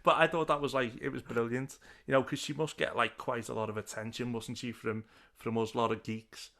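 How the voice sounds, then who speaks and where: A man's voice: mid-range voice, steady tone, a little fast, fairly bright tone. A man, hosting a casual chat over a video call and telling stories with frequent laughs. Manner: chatty storyteller, laughs often. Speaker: podcast host.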